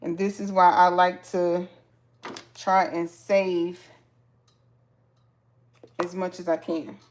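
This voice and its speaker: Woman craft host, slow and chatty, teaching sewing on a live stream. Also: on the low side. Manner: chatty, talks to viewers as "y'all", excited exclamations. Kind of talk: casual live sewing tutorial.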